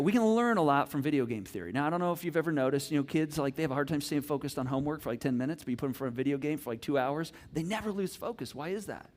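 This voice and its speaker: Lively high-voiced male pastor preaching. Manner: animated storytelling, acts out family scenes. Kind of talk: sermon.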